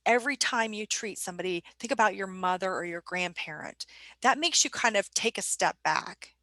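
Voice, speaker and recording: A woman's voice: mid-range voice, lively intonation, normal speed, pushed and bright, dry recording. A woman presenting a staff training webinar in a conversational way, putting questions to her audience.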